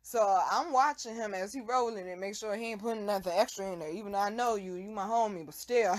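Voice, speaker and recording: A young adult woman telling a casual, animated story full of laughter and profane slang. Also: mid-range voice, quick pace, hardly any pauses. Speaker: vlog host.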